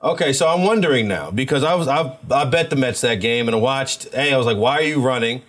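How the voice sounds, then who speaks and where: A man's voice: medium pitch, expressive, fast talker, fairly bright tone. A man co-hosting a sports podcast, casually teasing and asking questions. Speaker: podcast co-host.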